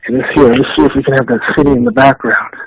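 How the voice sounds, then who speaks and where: A man from Canada, a musician guest chatting casually on a podcast, laid-back and quick to laugh. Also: mid-range voice, steady tone, creaky, highs cut off, noisy background. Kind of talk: casual interview chat.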